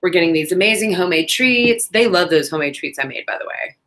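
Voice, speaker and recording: Lady chatting while she paints, kinda low voice, says y'all a lot. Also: animated, fast, a bit bright. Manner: chatty, drawls "y'all", playful asides. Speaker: crafting livestream host. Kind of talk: casual chatty livestream.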